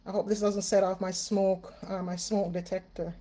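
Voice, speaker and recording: A Jamaican woman with a Jamaican accent hosts a casual home livestream as a spiritual reader, chatting with viewers, greeting them by name, and using lots of fillers. Her voice is mid-range and warm, with little pitch movement, at a normal speed.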